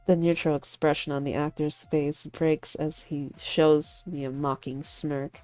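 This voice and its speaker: A woman with a low voice plays through a visual novel, reading the narration and breaking in with animated, laughing commentary. She is recorded dry and close, with faint music underneath. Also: measured pace, few pauses, no echo. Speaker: streamer voicing a visual novel.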